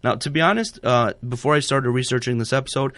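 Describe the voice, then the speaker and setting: A quick-paced radio host with a mid-range, fairly bright voice chats loosely from the studio, often restarting and filling pauses. His studio microphone captures him cleanly, without echo.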